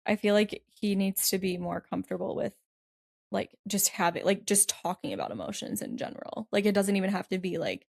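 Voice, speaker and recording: Gravelly-voiced woman musing on an advice podcast. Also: mid-range voice, expressive, brisk, a little mellow, no room sound, studio quality. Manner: thoughtful, hedging with many "like"s. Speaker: podcast co-host. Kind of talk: casual advice chat.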